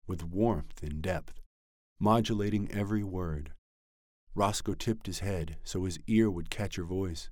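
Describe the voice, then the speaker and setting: A man reading a novel aloud as narrator in a measured, even storytelling manner. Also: sits low, dry recording, clean studio sound. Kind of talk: scripted audiobook narration.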